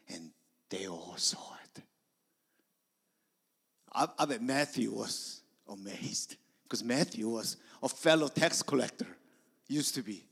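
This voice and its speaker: A man preaching a sermon, telling stories that swing from hushed whispers to loud emphasis. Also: mid-range voice, animated, takes it slowly, pauses often. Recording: long hall reverb.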